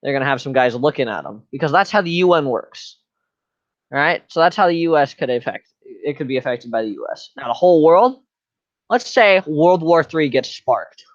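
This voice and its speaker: A man's voice: on the high side, expressive, normal speed, dry recording, lo-fi sound. A man giving a joking class presentation in a slangy, rambling, mock-serious way. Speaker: student presenter.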